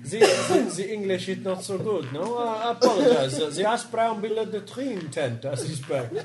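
A man's voice: high voice, big pitch swings, moderate pace, a crowd in the background. A man voicing a fussy foreign tailor with broken English, fawning and overly polite.

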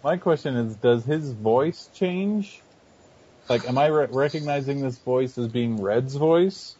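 A man playing a tabletop game who talks in a hesitant, halting way. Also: medium pitch, animated, warm tone. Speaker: player. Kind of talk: casual tabletop play. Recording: dull lo-fi recording with faint hiss.

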